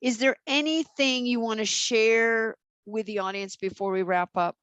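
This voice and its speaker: A woman's voice: on the high side, steady tone, moderate pace, fairly bright tone, clear, resonant tone, no echo. A woman hosting a podcast interview, talking in an enthusiastic, playful, teaching way. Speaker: podcast host. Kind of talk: casual interview chat.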